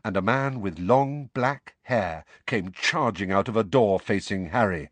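A man narrating an audiobook with a dramatic, expressive reading. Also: lowish voice, a little slow, no room sound.

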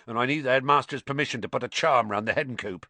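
Guy doing a big gentle groundskeeper, plain homely talk, concerned, dry close sound. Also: medium pitch, fast talker, no echo, voice pushed up, close to an everyday voice. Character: huge gruff friendly male groundskeeper.

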